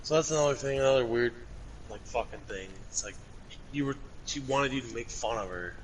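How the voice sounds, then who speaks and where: A man's voice: mid-range voice, a little fast, a crowd in the background, rough recording. Rambling young man reading out chats. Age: young adult. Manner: rambling, swears casually, reads messages aloud. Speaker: co-host recounting chat messages. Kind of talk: casual chat.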